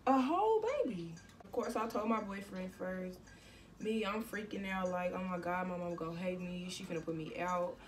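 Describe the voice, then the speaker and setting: A teenage woman telling her own story in a casual storytime vlog, animated and slangy, with bursts of exclamation. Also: fairly low pitch, normal speed, recorded from a distance, a little hiss or hum. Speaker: vlogger.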